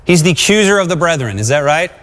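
A man's voice: on the high side, very animated, fast talker, a bit bright. Man preaching in a reverberant hall. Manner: exhorting, calls for congregation responses. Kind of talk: sermon.

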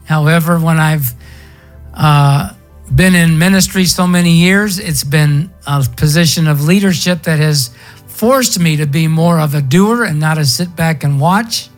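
A man's voice: fairly high pitch, unhurried, faint music behind. A male pastor preaching a sermon in a conversational storytelling way, drawing out words for emphasis.

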